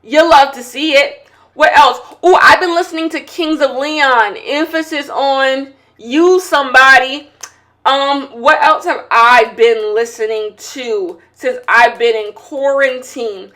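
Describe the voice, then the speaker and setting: High-voiced animated woman podcast host. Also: takes it slowly. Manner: animated, swings between loud outbursts and quiet asides; candid and opinionated, with slangy banter. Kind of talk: casual chat.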